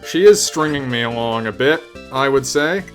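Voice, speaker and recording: A man's voice: medium pitch, lively intonation, normal speed. Wry self-mocking male game streamer. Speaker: streamer playing a retro game. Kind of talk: casual live-stream commentary. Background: game music.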